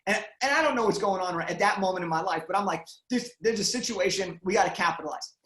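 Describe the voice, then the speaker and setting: A young man tells a story at a quick clip and brings energy to every line. He acts out the quotes as he goes. His voice comes through a video call from an echoey room. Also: high-pitched, fairly bright tone. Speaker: guest speaker. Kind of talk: storytelling interview answer.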